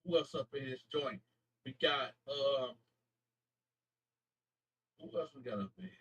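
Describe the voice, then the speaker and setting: A man from Flint, Michigan, hosting his YouTube channel, casually shouting out viewers in slangy talk and stumbling over names as he corrects himself. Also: medium pitch, breathy edge, recorded from a distance, rough recording. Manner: slangy, halting name reading with self-corrections.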